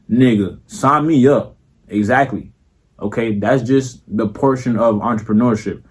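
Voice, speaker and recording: A young Florida-accented content creator addresses the camera in a mid-range voice at normal speed, with a breathy edge. He talks casually and profanely, filling his speech with slang and filler tags and frequently repeating "you feel me."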